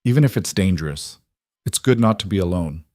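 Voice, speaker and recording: A man voicing a guarded young rancher who speaks quietly and steadily, in an audiobook western. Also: sits low, lively intonation, fairly quick, no room sound, clean studio sound. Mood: tense.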